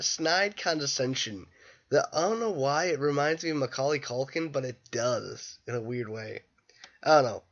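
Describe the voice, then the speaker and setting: A tired young man rambling through a casual, irreverent movie review late at night, breaking into loud bursts when quoting scenes. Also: on the high side. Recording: dull lo-fi home recording.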